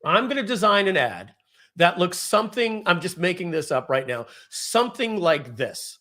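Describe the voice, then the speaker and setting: A man hosting a live software webinar, giving an energetic, salesy screen-share demo and clearing his throat often. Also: high-pitched, normal speed. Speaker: webinar host, software founder.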